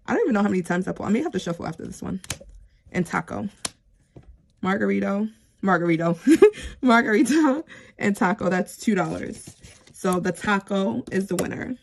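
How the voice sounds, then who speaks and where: A woman vlogger chatting casually as she plays a savings game, counting aloud with bursts of excitement. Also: on the low side, gravelly, slight background noise. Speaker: budgeting vlogger. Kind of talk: casual chat while playing a savings game.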